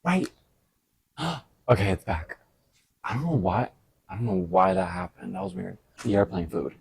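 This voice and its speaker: Gravelly laughing man riffing casually. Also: low voice, normal speed, no room sound. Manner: animated, swears often, laughs at his own stories. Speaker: vlogger. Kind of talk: casual stream-of-thought monologue.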